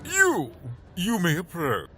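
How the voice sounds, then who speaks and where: A haughty, easily offended noble in a video game. He barks short, dismissive commands at a very slow, deliberate pace, his pitch leaping high and dropping low, with faint music underneath. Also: wildly swooping pitch, full character voice. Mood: imperious. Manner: imperious, dismissive, clipped commands.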